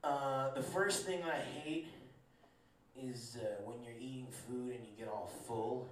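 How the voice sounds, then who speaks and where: A man's voice: medium pitch, unhurried, distant mic, noisy background. A man doing a stand-up set, laid-back and rambling, laughing at his own jokes. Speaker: stand-up comedian. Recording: echoey room recorded from afar with a crowd.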